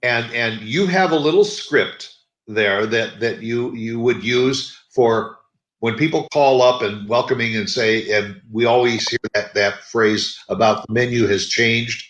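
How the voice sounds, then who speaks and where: A man's voice: medium pitch, unhurried, fairly bright tone, highs cut off. Male talk host, easygoing, stumbling restarts, echoey room. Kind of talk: casual interview talk. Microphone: video call. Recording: echoey room on video call.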